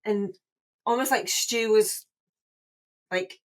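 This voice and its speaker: A woman's voice: medium pitch, slow. A woman in her forties, a podcast guest, telling her story in casual, chatty talk full of restarts and "like"s. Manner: chatty, emotional, many restarts and "like"s. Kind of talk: casual chat.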